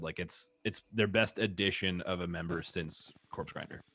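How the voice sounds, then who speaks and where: A man's voice: lowish voice, fairly quick, hardly any pauses, fairly bright tone, dry recording. A man in casual podcast chat, telling long rambling stories full of fillers and swearing. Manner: rambling, profane storytelling with many fillers.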